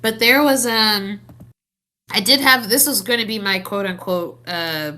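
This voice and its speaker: A woman from Texas co-hosting a podcast, chatting casually in an animated, giggly way with lots of fillers and restarts. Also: medium pitch, unhurried. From Texas, United States. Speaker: podcast co-host. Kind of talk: casual chat.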